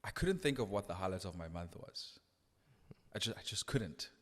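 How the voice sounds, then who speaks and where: A man's voice: deep voice, animated, moderate pace, in a large hall. A man who works as a radio DJ, telling a personal story in an earnest, reflective way with frequent restarts. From South Africa. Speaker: radio DJ guest. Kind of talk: casual podcast conversation.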